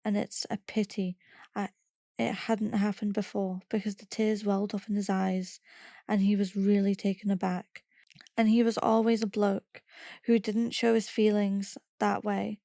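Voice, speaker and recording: A woman reading a first-person memoir aloud in a steady, plain storytelling manner. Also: medium pitch, normal speed, vocal fry, no echo, studio quality. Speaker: podcast reader.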